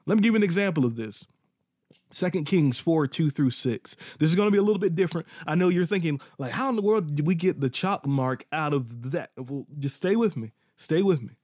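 A man's voice: a little high, expressive, a little fast, darkish tone, no echo, studio quality. A man preaching a podcast sermon, repeating phrases for emphasis and breaking into sudden whoops and exclamations.

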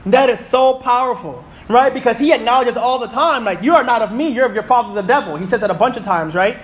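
A man in his thirties preaching a sermon in church, reading scripture slowly and calling out to the congregation. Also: extremely high pitch. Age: 30s. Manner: animated, reads scripture slowly and calls out to the congregation.

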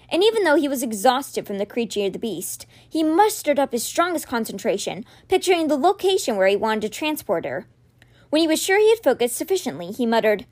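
Animated woman reading a fantasy novel. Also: on the high side. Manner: expressive, dramatic storytelling. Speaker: podcast reader.

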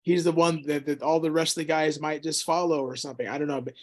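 A man, a pastor, casually discussing scripture on a podcast, thinking out loud and asking questions. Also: on the high side, steady tone, fast talker, a loud crowd. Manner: inquisitive, thinks aloud with restarts. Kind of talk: casual Bible study chat.

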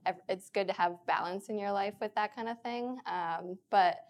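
A woman from the Midwest, a runner on a panel, answering in a relaxed, hesitant way with fillers. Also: medium pitch, moderate pace. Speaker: runner guest.

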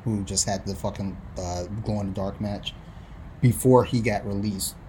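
A man's voice: fairly low pitch, steady tone, normal speed, warm tone, a little hiss or hum. A young adult man co-hosting a podcast, talking in a casual, crude, joking way and swearing a lot. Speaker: podcast co-host. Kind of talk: casual chat.

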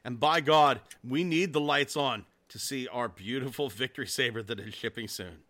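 A man in his forties co-hosting a casual podcast, excitable and swearing freely, with frequent laughs. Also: medium pitch, moderate pace. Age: 40s. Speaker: podcast co-host. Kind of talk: casual chat.

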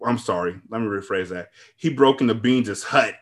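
Laid-back, profane male podcast recapper. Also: lowish voice. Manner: profane, laid-back storytelling with quick asides. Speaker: podcast host. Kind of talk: casual episode recap.

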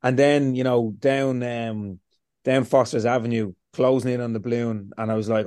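A man being interviewed, telling lively stories, swearing freely and acting out what he said to himself. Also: mid-range voice, moderate pace, dry recording. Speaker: interview guest. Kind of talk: casual storytelling.

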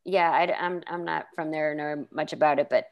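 A woman's voice: low voice, steady tone, normal speed, highs cut off, a loud crowd. A woman co-hosting a casual chat show, animatedly retelling TV scenes and acting out characters' lines. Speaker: podcast co-host. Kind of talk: casual chat recapping a TV episode.

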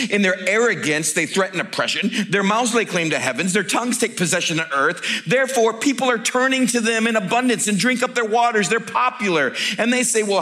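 Male preacher, high register, animated and jokey, pushes to near-shouts. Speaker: pastor. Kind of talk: sermon.

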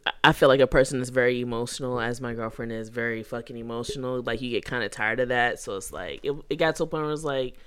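A man's voice: medium pitch, fast talker, hardly any pauses, fairly bright tone, smooth. A man in casual chat, talking reflectively about relationships with many filler words. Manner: reflective, heavy use of "like".

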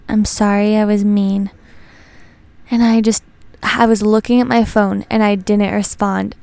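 Chatty young woman with vocal fry. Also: medium pitch, warm tone, dry recording. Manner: chatty, rambling storyteller. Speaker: podcast host. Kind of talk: casual chat.

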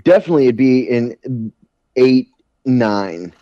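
A man's voice: medium pitch, lively intonation, slow, dark tone, no room sound, dull audio. A man in a casual movie chat, hesitant and self-deprecating as he looks up facts.

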